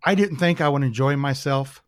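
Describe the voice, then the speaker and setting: A man's voice: medium pitch, normal speed, no echo, clean studio sound. A man from the United States chatting casually as a podcast guest, telling rambling, enthusiastic stories with lots of fillers.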